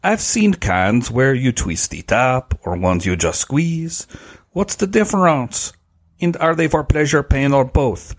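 A man's voice: mid-range voice, sing-song, a little slow, pitched above the performer's own voice. A man reading out a polite listener's question in a put-on French accent. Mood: mock polite.

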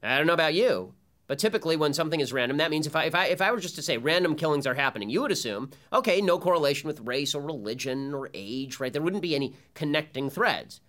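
A man's voice: a little high, expressive, fast, fairly bright tone. Sarcastic, emphatic male commentator. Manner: emphatic, sarcastic, rhetorical questions. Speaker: political commentator host. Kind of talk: opinion commentary monologue.

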